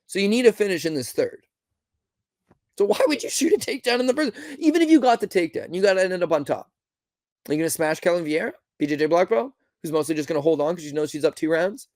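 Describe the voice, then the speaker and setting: Slightly high and a little mellow, the host's voice comes through a dry recording. Recapping fights alone, he rants bluntly and with exasperation, swearing, firing off rhetorical questions, and imitating people along the way.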